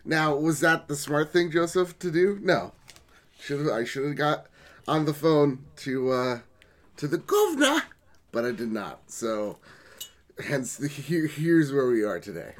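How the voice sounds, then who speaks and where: A man's voice: fairly high pitch, a little slow. A young man in his twenties co-hosting a casual podcast over a remote call, laid-back and wry, swearing casually. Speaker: podcast co-host.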